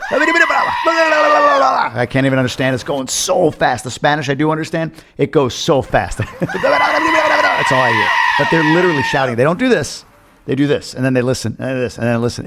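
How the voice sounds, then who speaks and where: Chatty American man reacting to a clip. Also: mid-range voice. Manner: candid, chatty, mimics loud talk. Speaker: reaction video host. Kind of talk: casual reaction commentary.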